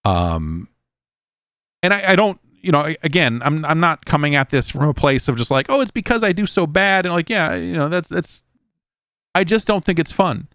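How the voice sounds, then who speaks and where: A man's voice: on the high side, sing-song, moderate pace, fairly bright tone, clear, resonant tone, dry recording, clean studio sound. A middle-aged man hosting a podcast, reading listener mail and rambling in casual chat, stammering and swearing as he talks. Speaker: podcast host.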